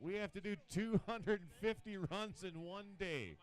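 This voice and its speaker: A man's voice: high-pitched, a little slow. A man announcing a water ski event live, joking and exasperated with competitors. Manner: joking, exasperated, chants into the mic.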